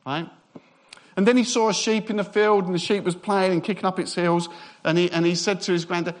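A man preaching a sermon, lively and joking, sometimes speeding up as he gets excited. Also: sits high, brisk.

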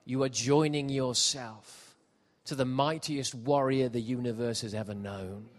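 A middle-aged man preaching a sermon, jokey and animated, shifting from quiet asides to loud shouts. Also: mid-range voice, a little slow. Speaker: pastor. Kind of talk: sermon with comic storytelling. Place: church hall with congregation.

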